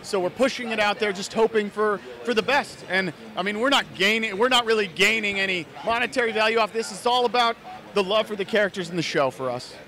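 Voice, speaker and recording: A man's voice: high-pitched, brisk, pushed and bright. An American man, an actor and fan filmmaker, talking earnestly and at length in a casual interview, often restarting his phrases. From United States (Idaho).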